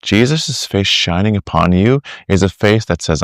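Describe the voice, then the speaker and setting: Speaking with a low voice at a moderate pace and hardly pausing, a middle-aged discipleship teacher tells stories as a guest on a conversational podcast interview. He animates his anecdotes by acting out what people said and often restarts sentences. The sound is clean studio audio without echo.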